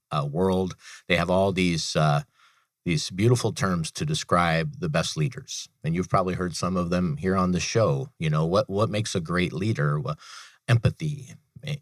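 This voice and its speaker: A deep-voiced man in his thirties, a veteran and author, appears as a guest on a business radio show. He tells personal stories earnestly, often repeating phrases. The studio recording is clean, with no room sound.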